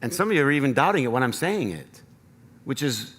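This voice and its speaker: A man's voice: medium pitch, sing-song, fairly quick, a bit bright, slightly rough, in a large hall. An American man preaching a sermon as pastor, earnest and rising to emphatic appeals. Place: church sanctuary.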